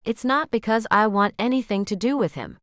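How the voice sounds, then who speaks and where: A woman narrating a romance audiobook in the first person, musing in an expressive, questioning way. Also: on the high side, a little fast, no room sound, studio quality.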